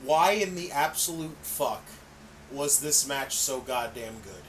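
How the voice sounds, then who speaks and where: A man's voice: mid-range voice, expressive, a little slow, fairly bright tone, a little hiss or hum. A man co-hosting a casual wrestling podcast, swearing freely and laughing often. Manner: profane, enthusiastic, laughs often. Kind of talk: casual chat.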